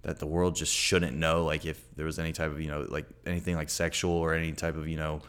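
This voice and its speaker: Young dude, really deep voice, talks fast, laid-back podcast cohost. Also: male voice, level tone, a bit bright, smooth. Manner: laid-back, fills with "you know" and "like". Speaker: podcast co-host. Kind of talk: casual podcast chat.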